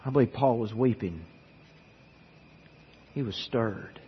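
A man preaches a sermon as the church's pastor, his voice a little husky and rough. He speaks earnestly and often repeats words as he goes. The sound is muffled and lo-fi, with a long hall echo trailing each phrase. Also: mid-range voice, takes it slowly.

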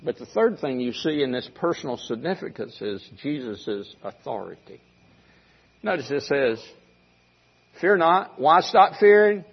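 A man's voice: a little high, expressive, normal speed, breathy edge, dull audio. An older man preaching a sermon to a congregation, emphatic and given to repeating key phrases. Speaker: pastor. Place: church congregation room.

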